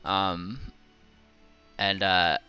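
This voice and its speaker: A man's voice: deep voice, little pitch movement, drawn-out words, bright, forceful tone, clean tone, lo-fi sound, soft background music. A man narrating a tabletop game as game master, hesitant and full of filler words, on a home mic. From not from Scotland or Britain. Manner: hesitant, full of ums and uhs.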